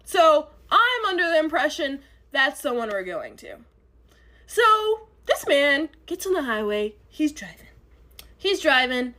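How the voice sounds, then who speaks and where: High-voiced woman telling a dramatic story. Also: unhurried. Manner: animated, dramatic retelling. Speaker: storyteller in a clip. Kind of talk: storytime monologue.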